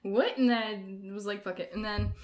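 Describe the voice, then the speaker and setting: A young woman telling a friend group about a dream in a casual, animated way, laughing often and shouting quoted lines. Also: medium pitch, brisk. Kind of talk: casual storytelling among friends.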